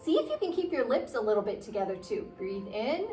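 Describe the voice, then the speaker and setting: A woman guiding children through a yoga class, gently encouraging and playful, sometimes making animal noises. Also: on the high side, very animated, a little fast, distant mic. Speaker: kids' yoga teacher. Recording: roomy sound from away from the mic with soft music.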